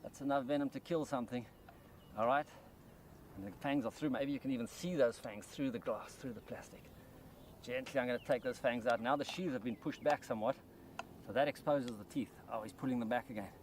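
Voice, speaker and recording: A man's voice: mid-range voice, a little fast, a little hiss or hum. Enthusiastic man presenting wildlife. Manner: enthusiastic, explains while handling animals. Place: outdoors by rice paddy fields.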